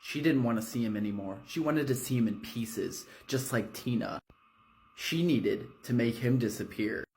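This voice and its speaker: A man spins a dark horror tale in a casual, loose way, swearing and leaning on fillers. His voice sits at a middling pitch. He speaks from a hotel room. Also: moderate pace, a little hiss or hum. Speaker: storyteller. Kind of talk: horror storytime narration.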